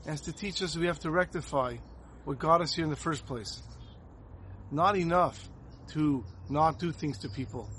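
Man, rabbi-style sermon, slightly high voice, faint background hiss. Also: normal speed, a bit bright. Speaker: rabbi giving a Torah talk. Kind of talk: sermon with storytelling.

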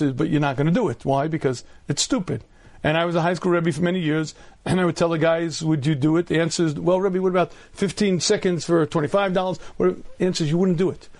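A man in his fifties, a rabbi giving a storytelling Torah lecture, often clearing his throat and using humor. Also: fairly high pitch, a little mellow. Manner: humorous, acts out voices in anecdotes.

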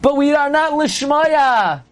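Man, high voice, Torah teacher, storytelling lecture, loud sudden exclamations. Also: animated, slow pace. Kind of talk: prayer class lecture.

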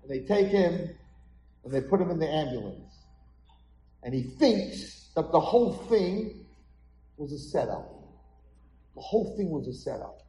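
A man's voice: a little high, expressive, unhurried, long pauses, mellow. A man, a rabbi, dramatically telling a story in a sermon at an event hall. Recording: echoey hall.

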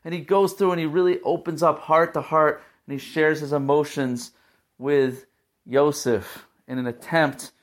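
A man giving a weekly Torah portion talk as a teacher, telling the story in an earnest, emotional way. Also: a little high.

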